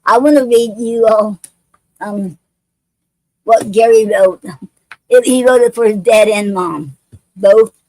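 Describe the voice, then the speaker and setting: A woman hosting a poetry show, reading love poems and chatting in a halting way with many fillers and restarts. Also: on the high side, a little mellow, no room sound, rough recording.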